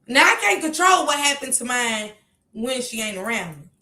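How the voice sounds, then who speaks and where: Woman from kentucky ranting on her stream, high bright voice, echoey room, gets loud then drops low. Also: normal speed. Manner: animated, emphatic, swings from loud outbursts to low asides. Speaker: commentary streamer. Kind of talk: casual reaction commentary.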